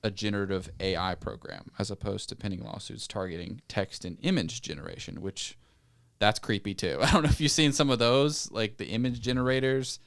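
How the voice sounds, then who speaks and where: A man's voice: fairly low pitch, fairly quick, creaky, a bit bright. A man hosting a podcast, chatting casually and reacting with slang like dude. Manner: casual, chatty, uses words like dude and creepy. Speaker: podcast host. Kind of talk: casual chat.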